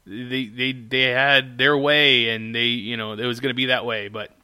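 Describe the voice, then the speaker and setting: A man co-hosting a podcast in casual chat, talking in an animated, ranting way and swearing freely. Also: medium pitch, normal speed, smooth. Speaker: podcast co-host.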